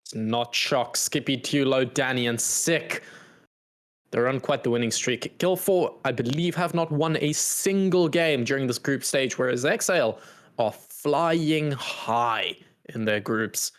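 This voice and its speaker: A man's voice: mid-range voice, a little slow. A man hosting a pre-match esports desk, upbeat and bantering with his co-host.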